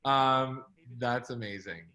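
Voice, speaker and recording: Bright, giggly man co-hosting. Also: mid-range voice, slow pace. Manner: laughs easily, warm introductions. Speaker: co-host. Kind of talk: casual chat.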